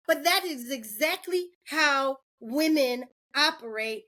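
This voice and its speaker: Animated woman who laughs between points. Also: a little high, measured pace. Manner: animated, laughs often, acts out quoted voices. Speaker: podcast guest. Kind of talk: candid podcast conversation.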